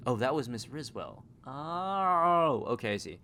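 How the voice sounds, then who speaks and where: A man giving casual let's-play commentary, full of joking, self-interrupting asides. His pitch is animated and his voice mid-range. Faint music runs under him. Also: unhurried, hardly any pauses. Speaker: gaming channel host.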